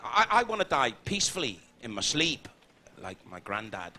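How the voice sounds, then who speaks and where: Man, Scouse accent, stand-up comedy, lively pitch, bright tone, faint background noise. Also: normal speed. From Liverpool, England. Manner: brash, crude, swearing punchlines. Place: theatre stage with audience.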